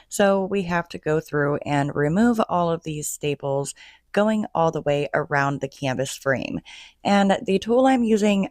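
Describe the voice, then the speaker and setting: A woman narrating a casual DIY craft tutorial in a chatty, gushing way, her voice slightly hoarse. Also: low-pitched, a little mellow, no echo, clean studio sound. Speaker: DIY home decor creator.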